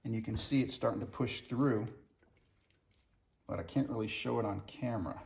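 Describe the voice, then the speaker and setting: A man's voice: fairly low pitch, normal speed, vocal fry, a little mellow. A man working on a car and talking through the repair to the camera in a folksy, casual how-to style. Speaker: home mechanic.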